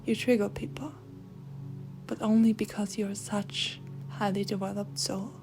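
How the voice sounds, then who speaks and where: A young woman giving a channeled spiritual reading, speaking slowly and gently and often slipping into a soft whisper. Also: medium pitch, level tone, over music. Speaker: intuitive card reader.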